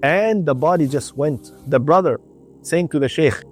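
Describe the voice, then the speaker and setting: A man's voice: a little high, moderate pace, faint music behind. A man telling a religious story on the radio, often repeating his phrases and using Arabic religious terms. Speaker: storyteller on a community radio station.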